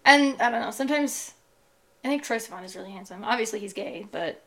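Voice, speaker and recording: A young woman co-hosting a podcast in casual chat, rambling with lots of fillers and animated outbursts. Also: on the high side, fast. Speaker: podcast co-host.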